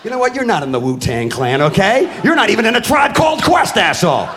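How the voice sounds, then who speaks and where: A middle-aged man doing a profane stand-up comedy routine on stage, ranting loudly and acting out the people in his stories. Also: high voice, sing-song, quick pace, noisy background. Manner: loud, ranting, profane, acts out characters. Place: comedy stage before a live audience. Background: crowd laughing.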